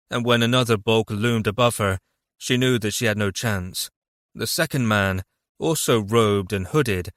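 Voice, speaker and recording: Guy reading an audiobook, mid voice, dry close sound, steady pace. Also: mid-range voice, no room sound. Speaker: audiobook narrator. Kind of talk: scripted narration.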